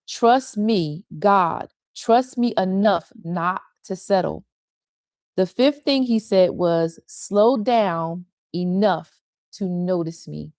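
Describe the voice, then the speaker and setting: A woman's voice: mid-range voice, a little mellow, no echo, studio quality. An older woman pastor giving a tender, confessional devotional talk on a livestream, repeating phrases for emphasis. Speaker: pastor and women's ministry leader. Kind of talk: heartfelt devotional teaching on a livestream.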